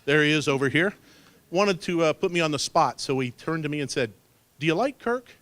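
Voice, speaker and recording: A man's voice: fairly high pitch, brisk, a bit bright, dry recording. Folksy father of the bride toasting. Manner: folksy, keeps tagging lines with "okay?". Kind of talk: wedding toast speech. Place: wedding reception hall. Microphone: handheld microphone.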